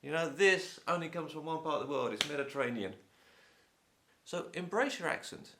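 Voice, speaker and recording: Against a noisy background, a man with a slightly high voice talks at normal speed to camera. He's an English teacher from England with a Home Counties accent, lively, chatty and opinionated despite his sore throat and blocked nose.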